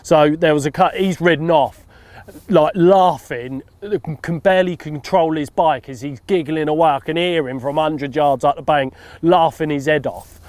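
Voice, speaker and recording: A man, a fishing consultant telling a funny anecdote in a lively storytelling way. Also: fairly high pitch, moderate pace, no echo. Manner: lively storyteller, acts out what people said.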